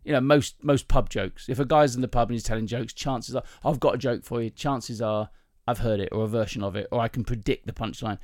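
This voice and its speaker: A chatty man hosting a podcast, telling jokes with plenty of asides and laughter. His voice sits at an everyday pitch, recorded close and dry. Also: fairly even intonation, a little fast, hardly any pauses, a little mellow, no room sound. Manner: chatty, rambling, laughs often. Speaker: podcast host. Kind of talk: casual chat, joke telling.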